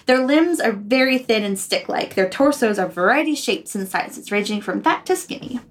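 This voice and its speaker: A woman in a casual chat, excitable and laughing often as she explains things. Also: fairly high pitch, moderate pace, far from the mic.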